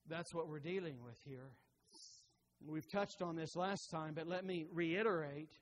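A man preaching a sermon as pastor, who rises loud and high on emphatic lines and drops soft and low on tender ones, reading scripture aloud with growing force. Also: slow, long pauses, a little hiss or hum.

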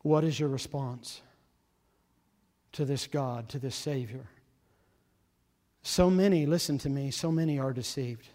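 A man's voice: mid-range voice, fairly even intonation, normal speed. Earnest preacher man in a reverberant hall. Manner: earnest, urgent, swinging from loud emphasis to hushed tones. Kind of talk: sermon.

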